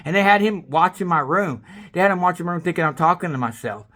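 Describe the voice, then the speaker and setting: A man talking in a rambling, casual monologue, swearing freely and breaking into laughter, swinging from loud excitement to low mumbles. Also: quick pace. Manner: rambling, with restarts and bursts of laughter. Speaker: vlogger.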